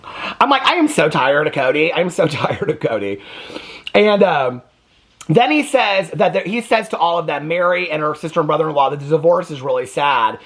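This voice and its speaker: A man's voice: fairly high pitch, expressive, moderate pace, a bit bright. A man giving a casual, gossipy recap of a reality TV episode, exasperated and often mimicking the people he discusses. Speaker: TV recap commentator.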